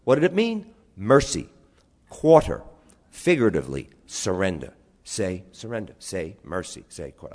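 Animated New York storyteller man. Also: mid-range voice, fairly quick, slightly rough. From New York, USA. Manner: lively, spells words out, acts out relatives' voices. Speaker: storyteller speaking to an audience.

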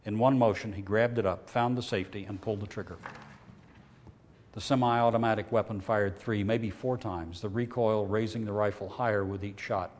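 A man reading a novel aloud in a measured, steady way, lifting his voice when characters shout. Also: on the low side, big-room sound, slight background noise. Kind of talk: audiobook reading.

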